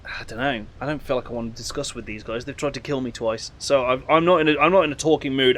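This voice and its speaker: A man's voice: medium pitch, fast. Chatty man playing a game. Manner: chatty, laughs often, stumbles over names. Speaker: game streamer. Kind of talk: casual let's play commentary.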